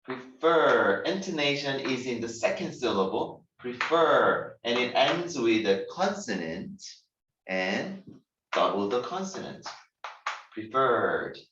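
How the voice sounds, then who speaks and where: A man with a Korean accent teaching English spelling, talking slowly and deliberately and spelling words out letter by letter. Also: medium pitch, big pitch swings, background noise. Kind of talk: grammar lecture. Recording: distant, dull, echoey room recording.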